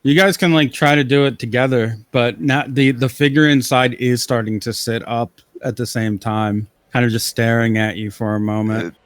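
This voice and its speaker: A man's voice: medium pitch, fairly even intonation, moderate pace, few pauses, no echo. A man narrating a tabletop game as game master, describing scenes loosely with many fillers.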